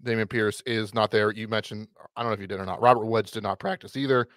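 A man's voice: lowish voice, steady tone, fast talker, fairly bright tone, no echo. A man co-hosting a casual fantasy football podcast, rambling and correcting himself with a wry edge. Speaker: podcast co-host.

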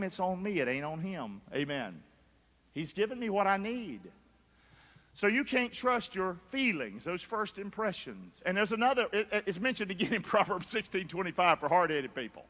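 A man preaching a lively sermon, calling out to the congregation for answers and mimicking foolish people. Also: high voice. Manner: energetic, calls for crowd response; mocking voices for foolish people. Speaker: pastor. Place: large church hall. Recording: long reverb of a big church hall.

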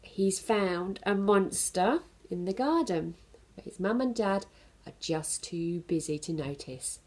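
Woman storyteller for preschoolers, gentle, very expressive pitch. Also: slow pace. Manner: gentle, animated and explanatory. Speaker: children's centre storyteller. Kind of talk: reading a picture book to young children.

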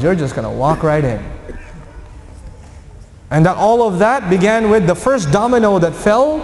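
A man giving an animated religious lecture, telling a story and acting out the voices of the people in it. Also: high voice, a little hiss or hum. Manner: storytelling, acts out quoted voices. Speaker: Quranic lecturer. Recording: echoey hall with faint ambience.

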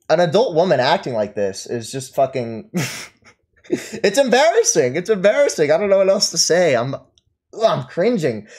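A man ranting at his live stream chat, mocking and taunting his target and laughing at them. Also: fairly high pitch. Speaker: streamer reading and answering chat.

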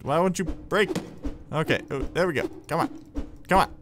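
A man giving excitable, jokey let's play commentary, yelling at enemies as he plays. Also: a little high, moderate pace, soft background music. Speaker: gameplay commentator.

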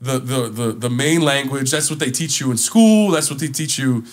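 A man co-hosting a casual podcast chat, telling animated stories that get loud when he is worked up. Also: mid-range voice, moderate pace. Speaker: podcast co-host.

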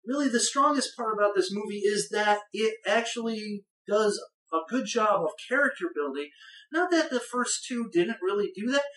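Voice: medium pitch, a bit bright. A person giving a casual spoken film review in a rambling, conversational way, with bursts of enthusiasm. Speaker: movie reviewer. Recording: roomy echo, voice far from the mic.

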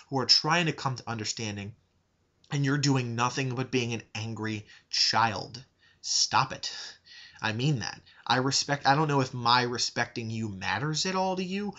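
A man's voice: medium pitch, pushed and bright, lo-fi sound. A man making a direct-to-camera video response, earnest and pleading, openly aggravated at the person he addresses. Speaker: YouTube video maker.

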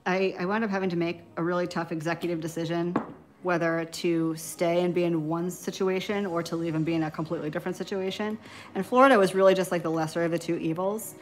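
A woman in her thirties with a New York accent, chatting on a live stream while painting nail swatches, a little tipsy from wine and easily distracted. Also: fairly low pitch. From New York, Long Island. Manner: chatty, scattered, giggly. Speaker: nail beauty YouTuber.

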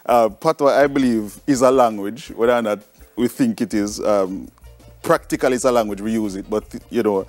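A man's voice: lowish voice, moderate pace, a little mellow, dry recording, soft background music. A man with a Jamaican accent who teaches a lesson and explains things conversationally, often checking in with his listeners. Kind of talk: recorded classroom lecture.

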